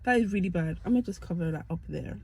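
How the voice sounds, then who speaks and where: A woman's voice: fairly low pitch, lively intonation, quick pace, vocal fry, darkish tone, slightly rough, rough recording. A young woman from the UK telling stories to camera in a chatty, self-mocking way. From United Kingdom. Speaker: vlogger. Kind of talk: casual storytelling to camera.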